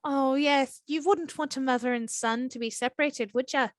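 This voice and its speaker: A woman's voice: sits high, steady tone, moderate pace, dry recording, natural voice. A woman voicing a cheerful airy female elemental tavern keeper in an attempted Irish accent, chatty and welcoming in a tabletop role-play. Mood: teasing. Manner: chirpy, welcoming, chatty innkeeper.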